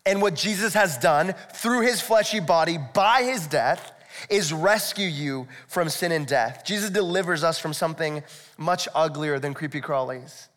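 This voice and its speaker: A man's voice: a little high, normal speed, fairly bright tone. A male pastor preaching a sermon in a conversational, explanatory way, with rhetorical asides to the congregation. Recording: echoey hall, long reverb.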